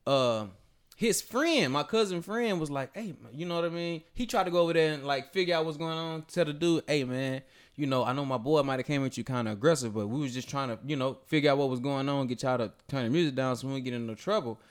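A man's voice: medium pitch, fast, smooth. A man on a podcast, telling a story in casual, profane chat and acting out the people in it. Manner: animated, profane storytelling with voiced quotes. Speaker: podcast host.

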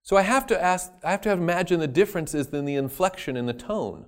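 A man preaching a sermon, stressing key words loudly and then dropping to quiet asides. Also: sits high, expressive, fairly quick. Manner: emphatic, swinging between loud stresses and quiet asides.

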